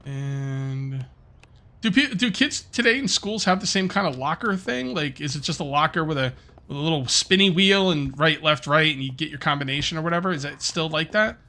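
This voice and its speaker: A man's voice: a little high, animated, normal speed, bright, forceful tone. A middle-aged man giving casual, rambling commentary while playing a survival game, thinking aloud and muttering to himself. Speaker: gaming video host.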